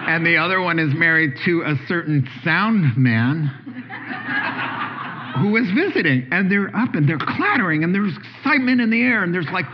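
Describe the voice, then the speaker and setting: A middle-aged male pastor preaching with a joking, storytelling manner, his voice leaping upward when he gets going. His voice sits a little high for a man. The recording is dull and carries a faint hiss. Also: moderate pace. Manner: animated, joking storyteller who rises sharply in pitch. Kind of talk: sermon.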